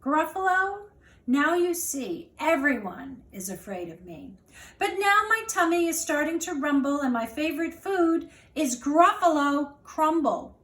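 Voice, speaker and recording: A woman's voice: sits high, sing-song, a little slow, fairly bright tone, reverberant, heavily acted. A woman doing a sly little mouse. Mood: smug. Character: small clever brown mouse, calm and sly.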